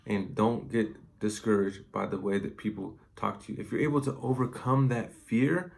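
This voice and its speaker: A man's voice: lowish voice, normal speed, creaky, a little mellow. A salesman talking casually and loosely, full of fillers, as he gives advice on sales. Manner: conversational, loose, heavy on fillers. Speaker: inside salesman.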